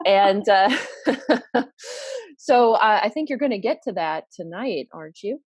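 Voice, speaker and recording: A woman's voice: mid-range voice, expressive, a little slow, husky, no room sound, dull audio. Friendly woman hosting, dry sound. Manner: friendly, appreciative, asks questions. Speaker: interview host. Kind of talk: live online interview.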